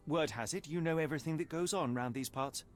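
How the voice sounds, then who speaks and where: An actor voicing a polite, measured Victorian detective in a video game. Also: male voice, a little high, faint music behind, close to an everyday voice. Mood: courteous. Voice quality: courteous and measured.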